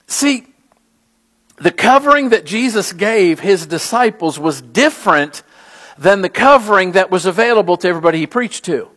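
High-voiced man preaching an animated sermon. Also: moderate pace. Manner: animated storytelling, rising to emphatic peaks. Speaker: pastor.

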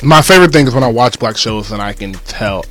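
A man's voice: mid-range voice, lively intonation, fairly quick, fairly bright tone, no room sound. Young guy kicking back and chatting, slangy, laughs a lot, faint music behind. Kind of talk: casual chat.

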